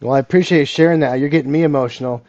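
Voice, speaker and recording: Brief: higher-voiced male host, encouraging and chatty, dry close recording. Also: rapid-fire, a little mellow, no echo, highs cut off. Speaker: podcast host. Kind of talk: casual interview chat.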